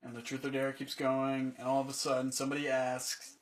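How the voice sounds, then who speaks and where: A man's voice: medium pitch, completely flat delivery, brisk. A man who is a podcast guest, telling a story in casual chat and acting out the quotes as he goes.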